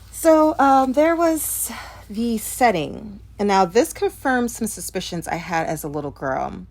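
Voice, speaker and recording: A young woman giving a casual spoken movie review, hesitant, with many ums and restarted words. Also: sits low.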